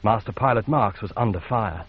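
A man with a husky, mid-pitched voice reads narration at a measured, steady pace. The recording sounds dull and lo-fi. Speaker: audiobook narrator. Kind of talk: scripted narration.

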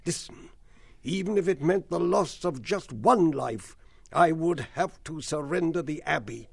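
Old mouse abbot, slow, gravelly and husky. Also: male voice, fairly high pitch, dry recording, studio quality, heavily acted. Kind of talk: full-cast audiobook acting.

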